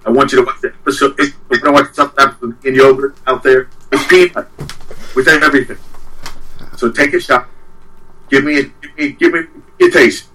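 A man's voice: mid-range voice, steady tone, a little fast, pauses often, sharp tone, husky, distant mic, rough recording. A man who is a guest on a talk show, giving a rambling, self-deprecating comedic rant.

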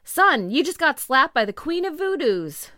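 A woman's voice: high voice, big pitch swings, a little slow, dry recording, studio quality, voice pushed up, full character voice. Woman doing a brash 1930s guy. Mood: hammy. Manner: hammy, laughing, loud. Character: 1930s man, brash old-timey clerk.

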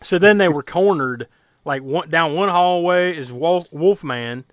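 Guy rambling thru a movie recap, laughing a lot, kinda high voice, dry sound. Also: a little slow, no echo. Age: adult who was eight or nine when the film was new. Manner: rambling, laughs often, many fillers. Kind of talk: casual movie recap chat.

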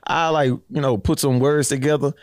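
A man's voice: mid-range voice, fairly even intonation, normal speed, no room sound. A man co-hosting a podcast, ribbing his friend and rambling through anecdotes. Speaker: podcast co-host. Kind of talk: casual chat, storytelling.

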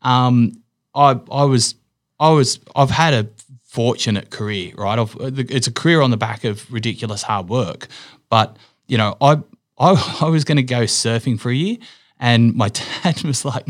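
A man's voice: medium pitch, moderate pace. Australian man telling rambling work stories. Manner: rambling, lots of fillers and restarts, laughs while telling stories. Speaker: guest, business owner. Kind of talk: casual interview storytelling.

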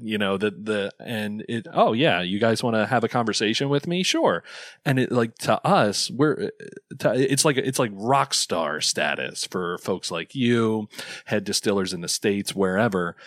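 Male co-host, lowish voice, dry room, stumbles into admiring questions. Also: no room sound. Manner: halting, restarts often, admiring. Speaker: podcast co-host. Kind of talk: interview questions.

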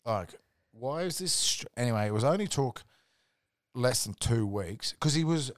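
A man's voice: mid-range voice, lively intonation, normal speed, no echo, studio quality. An Australian man, a podcast guest, telling a rambling, profane anecdote in casual chat. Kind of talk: casual storytelling.

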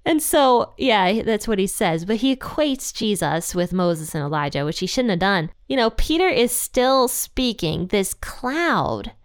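A woman's voice: medium pitch, animated, unhurried, few pauses, clean tone, no room sound, studio quality. A young adult woman hosting a casual Bible teaching podcast, chatty and thinking aloud with fillers and guesses.

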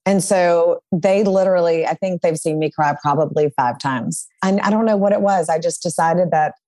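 A woman's voice: lowish voice, normal speed, mellow, no room sound. A woman appearing as a divorce attorney guest on a podcast, talking in a reflective, candid way. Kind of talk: conversational interview.

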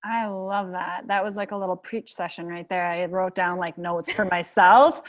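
A middle-aged woman hosting a podcast interview, telling stories in an energetic, emphatic way. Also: lowish voice, normal speed, no echo. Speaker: podcast host. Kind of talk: casual interview chat.

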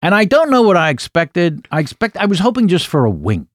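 A man in his sixties, a comedian guest, telling an anecdote in an animated way, with asides and self-corrections. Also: high voice, brisk, dry recording, studio quality. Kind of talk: anecdotal storytelling in an interview.

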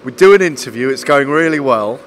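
A middle-aged man, a boxing journalist, chatting casually and telling an animated story. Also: medium pitch, a little fast, faint music behind. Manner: animated storyteller, acts out quotes with swearing. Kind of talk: casual two-way interview chat.

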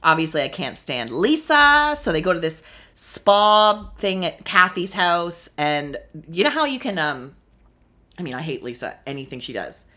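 A young woman casually recapping a reality show, snarky and profane, with sudden high exclamations. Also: big pitch swings, unhurried, sharp tone. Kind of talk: casual solo commentary.

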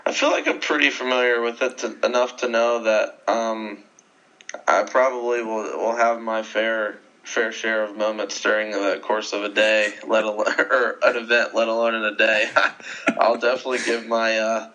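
A man's voice: fairly low pitch, flat delivery, normal speed, pushed and bright, muffled recording. A man in his twenties, a pro golfer guest, chatting loosely with lots of restarts and laughs. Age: 20s. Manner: laid-back, rambling with frequent restarts and laughs. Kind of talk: casual interview chat.

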